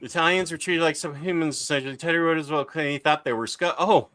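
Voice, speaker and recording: Casual male streamer, chatty and meandering, bright and a touch high. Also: fast talker. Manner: rambling, reads chat aloud with filler. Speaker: livestream host. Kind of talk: casual livestream chat.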